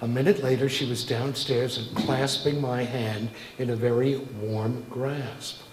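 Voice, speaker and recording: An older man spins wry cabaret stories in a relaxed, conversational way. His voice sits at a middle pitch, with a roomy echo from the venue. A faint wash of room ambience stays underneath. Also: a little slow, a little hiss or hum. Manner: wry, conversational anecdote-telling. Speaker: cabaret singer-songwriter. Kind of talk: cabaret storytelling between songs.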